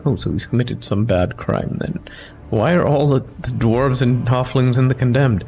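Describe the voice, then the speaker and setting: A man's voice: medium pitch, moderate pace, a little mellow, low-quality recording. A man hosting a let's play, mixing casual commentary with reading game text, in a wry, amused manner.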